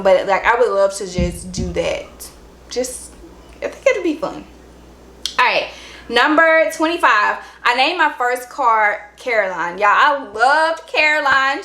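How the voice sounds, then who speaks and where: A woman's voice: mid-range voice, fairly bright tone, slight background noise. A young woman, chatting upbeat and directly to her viewers in a casual vlog. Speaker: vlogger. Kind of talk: casual chat to camera. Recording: roomy room echo.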